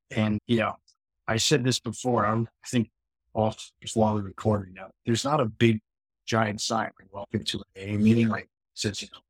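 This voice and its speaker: A man's voice: lowish voice, husky, no echo, poor audio. A middle-aged man from New York, a podcast guest, telling a personal story in a casual, rambling way with lots of restarts. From New York, USA. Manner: conversational, frequent restarts and "you know" fillers.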